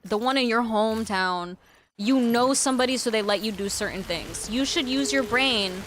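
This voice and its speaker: A woman streamer chatting casually while gaming, ranting with lots of swearing and sudden loud outbursts. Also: fairly high pitch, moderate pace, slight background noise. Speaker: game streamer.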